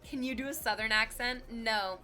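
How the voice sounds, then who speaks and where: A woman in her thirties streaming and chatting casually as she reads viewer messages, lively and animated, bursting into laughs and exclamations. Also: on the high side, moderate pace.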